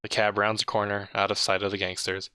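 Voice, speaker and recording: Male reader, casual interactive-story narration, bright tone, dry close sound. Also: fairly low pitch, level tone, fast talker, smooth, no room sound. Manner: chatty, comments on his own slips and laughs mid-read. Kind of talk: casual read-aloud narration.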